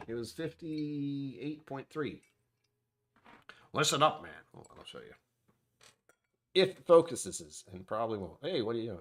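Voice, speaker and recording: A man's voice: mid-range voice, fairly bright tone. A man hosting a casual whiskey tasting vlog, rambling and self-deprecating as he thinks aloud about what he smells and tastes. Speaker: whiskey reviewer.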